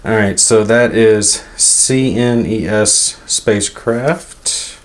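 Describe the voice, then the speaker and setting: A man with a lowish voice speaks slowly while unboxing a game for his board game channel. His talk is casual and rambling, a running stream of thoughts as he handles each item.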